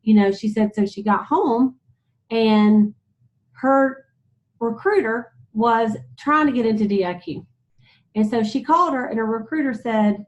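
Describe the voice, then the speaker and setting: A woman leading a motivational sales team talk, chatty and animated, retelling stories with lots of "you know"s. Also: a little high, moderate pace. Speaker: sales director speaking to her team. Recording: slightly dull lo-fi sound.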